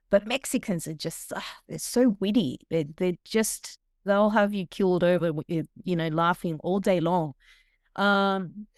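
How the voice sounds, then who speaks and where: A woman's voice: lowish voice, a little mellow, no echo, studio quality. A middle-aged woman with an Australian accent, a podcast guest telling stories animatedly with laughs and frequent restarts. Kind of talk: podcast interview storytelling.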